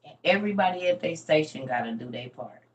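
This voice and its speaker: A middle-aged woman with a low, animated voice talks quickly as she teaches a casual livestream lesson, rambling in a folksy way. The mic sits at a distance and picks up faint background noise.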